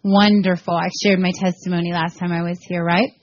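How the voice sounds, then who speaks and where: A woman from Florida in her forties, giving a heartfelt personal testimony to a church group, her voice swinging between soft, tearful and excited. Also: lowish voice, fairly quick, lo-fi sound. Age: 40s. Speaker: guest speaker.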